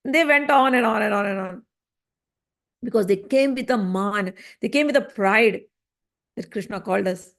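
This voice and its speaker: A woman teaching a scripture lesson, telling the story in an animated way and acting out the voices in it. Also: medium pitch, moderate pace.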